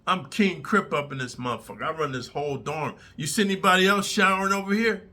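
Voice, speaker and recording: A man's voice: a little high, fast talker, pushed and bright, pitched above the performer's own voice. A man voicing a menacing, boastful male prison gang boss in his story, threatening and swaggering.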